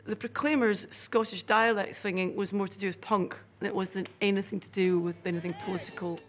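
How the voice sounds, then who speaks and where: A woman's voice: mid-range voice, fairly even intonation, fairly quick. A woman commenting on music history in a conversational way, with fillers. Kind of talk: documentary interview.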